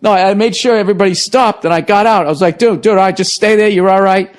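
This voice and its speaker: A man's voice: high-pitched, fast. Profane man telling a laughing story. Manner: profane, laughs through his own story. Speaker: podcast host. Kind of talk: casual storytelling chat.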